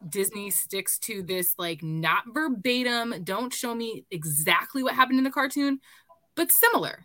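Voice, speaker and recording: A woman giving her casual final thoughts on a film in a relaxed, conversational way. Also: medium pitch, no echo. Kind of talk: casual film review chat.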